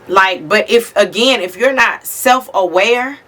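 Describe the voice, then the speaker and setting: Speaking at a measured pace, a woman reads tarot casually for the viewer in a bright, forceful, medium-pitched voice. Blunt and free with swear words, she addresses the camera directly.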